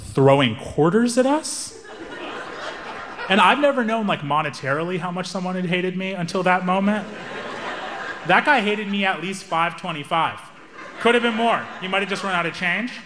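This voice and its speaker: Brief: young male stand-up comic, bright, forceful tone, a touch high, animated and wry. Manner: animated, wry, self-amused. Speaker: stand-up comedian. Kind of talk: stand-up comedy storytelling.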